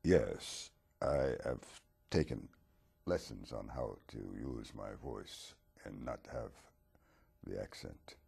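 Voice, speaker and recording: A man doing Dracula, gravelly and slow. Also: a bass voice, a little mellow, heavily acted. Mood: musing. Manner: slow, halting, gravelly and husky. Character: aging male vampire talk-show host, mild and wistful.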